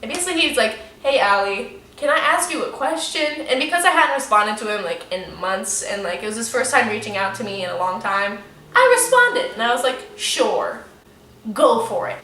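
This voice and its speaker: A young woman telling a story to camera in a casual, animated way, swearing freely and saying "like" a lot. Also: a little high, moderate pace, slight background noise. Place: room in front of a window. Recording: echoey room, mic a bit distant.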